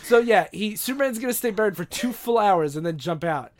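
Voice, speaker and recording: A woman co-hosting a podcast, recapping an old comic in casual chat, tossing in quick acted quotes and laughing often. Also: medium pitch, expressive, a little mellow. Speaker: podcast co-host.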